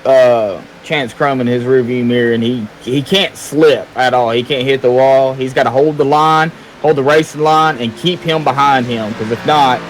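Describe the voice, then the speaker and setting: Male color commentator, casual and agreeable, mid pitch, faint background noise. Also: steady tone, normal speed, few pauses. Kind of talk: sim racing broadcast commentary.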